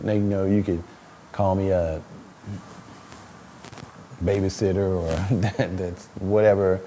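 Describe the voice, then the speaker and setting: Man in his thirties, low register; casual interview guest, laughs through his stories, repeats himself. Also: takes it slowly, long pauses, slight background noise. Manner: animated storytelling, laughs often, repeats words. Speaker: interview guest, stay-at-home dad.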